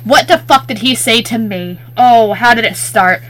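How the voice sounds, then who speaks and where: A woman's voice: a little high, normal speed, music in the background. A woman co-hosting a casual chat, telling heated, profane stories about a coworker.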